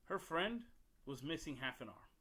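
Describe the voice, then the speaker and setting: Very animated, a male podcast host tells a story in a casual monologue, blunt, profane and rambling with frequent restarts. His voice is fairly high, pushed and bright with a breathy edge, at a normal pace.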